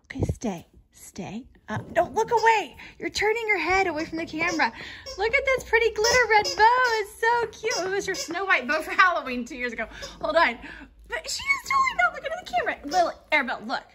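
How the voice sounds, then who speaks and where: Brief: woman, very high sing-song voice, coaxing pets, noisy home video. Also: wildly swooping pitch, fairly quick. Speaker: dog owner. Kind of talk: casual baby talk to pets. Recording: home video with background noise.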